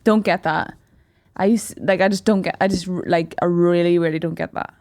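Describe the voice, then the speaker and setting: A woman's voice: on the low side, steady tone, fairly quick, a little mellow, no room sound, studio quality. A woman guest on a comedy podcast, chatting casually and frankly, reacting with disbelief.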